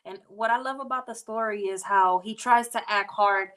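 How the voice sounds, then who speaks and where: A woman's voice: mid-range voice, moderate pace, a bit bright. A woman co-hosting a faith talk show, chiming in with frequent amens and affirmations and telling stories of her own. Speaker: co-host.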